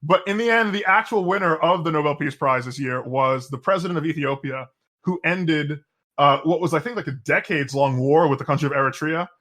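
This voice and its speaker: A man's voice: fairly high pitch, fairly quick, fairly bright tone. A man co-hosting a podcast, chatting casually and sardonically about politics, rambling with frequent restarts. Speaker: podcast co-host.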